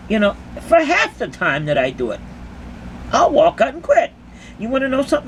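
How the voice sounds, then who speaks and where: A woman's voice: medium pitch, slight background noise. A woman who dances at concerts giving an impassioned, emphatic monologue to her critics, full of repeated rhetorical questions.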